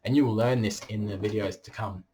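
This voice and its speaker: A man's voice: on the low side, fairly even intonation, fairly quick, dark tone, a little hiss or hum. A man talking straight to camera in a vlog monologue, blunt and boastful and swearing freely. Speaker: vlogger.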